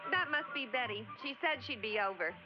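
An actress playing a sensible, brisk cavewoman housewife in a vintage cartoon. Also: fairly high pitch, lively intonation, close to an everyday voice. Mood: thoughtful. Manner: brisk, scolding. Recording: dull vintage cartoon soundtrack with music.

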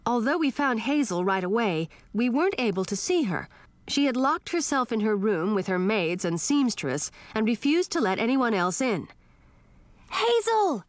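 Expressive woman narrating an audiobook. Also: fairly high pitch, normal speed, no room sound. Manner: expressive first-person storytelling.

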